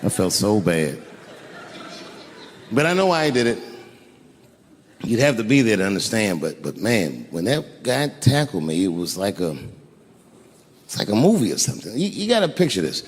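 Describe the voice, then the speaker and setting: A man doing stand-up, telling a story in a lively, profane way and acting out the people in it, recorded live on an arena stage. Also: fairly low pitch, moderate pace. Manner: animated, profane, acts out voices. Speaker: stand-up comedian. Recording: live arena recording with long reverb and crowd noise.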